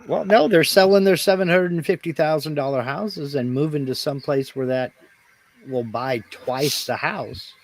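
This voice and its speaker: A man's voice: on the high side, moderate pace. A man chatting casually as a guest on a live stream, wry and talkative. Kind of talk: casual chat.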